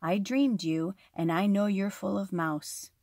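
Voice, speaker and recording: A woman voicing a wise, dreamy male desert lizard in a storybook reading, with a high, gentle delivery. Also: measured pace, no room sound, clean studio sound. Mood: knowing.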